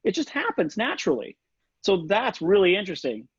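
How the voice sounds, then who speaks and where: This saxophone instructor's voice sits high, swoops wildly in pitch and has a breathy edge as he talks fairly quickly. During a casual online lesson from home, he sings rhythms and articulations with scat syllables over dull, lo-fi video call audio without room sound.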